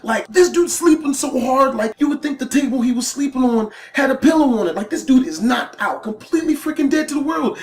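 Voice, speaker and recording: Animated, cursing woman telling a story. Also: sits high, fairly quick, few pauses. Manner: animated, profane. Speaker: storytime vlogger. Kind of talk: casual storytelling. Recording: roomy echo, faint music.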